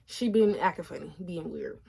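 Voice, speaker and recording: A woman in her twenties talking casually and animatedly to the camera, speaking straight to her viewers and dropping her voice low for asides. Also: moderate pace, creaky, breathy edge. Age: 20s. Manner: chatty, animated, addresses viewers directly as y'all. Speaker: vlogger.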